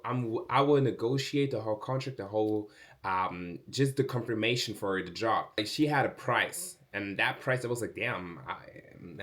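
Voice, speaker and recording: Chatty young man telling a storytime. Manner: animated, acts out quoted speech with big pitch jumps; chatty, many fillers like "like" and "bro". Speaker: vlogger. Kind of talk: casual storytime.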